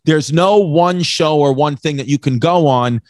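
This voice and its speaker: Man, new york accent, comedian, podcast host, rambling, joking, slightly high voice. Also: a little slow, no echo. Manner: rambling, repeats words, joking. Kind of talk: casual podcast chat.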